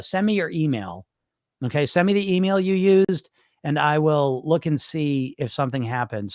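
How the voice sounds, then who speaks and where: Guy coach answering viewer comments, kinda high voice, rambles, swears a bit, dry sound. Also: no echo. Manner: loose, rambling, swears casually. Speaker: weight loss hypnosis coach, podcast host. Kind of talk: casual live Q&A with viewers.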